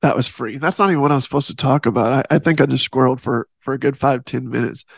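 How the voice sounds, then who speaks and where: A man's voice: mid-range voice, fast, vocal fry, slightly rough, no echo. A man hosting a faith podcast, talking earnestly in a rambling, casual way with many restarts. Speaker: podcast host.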